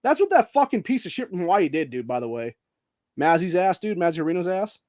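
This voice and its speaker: A man's voice: high voice, very animated, fast talker, darkish tone, no echo, clean studio sound. A man hosting his own channel, delivering a heated, profanity-laced political rant and calling everyone dude. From Ohio. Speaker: host.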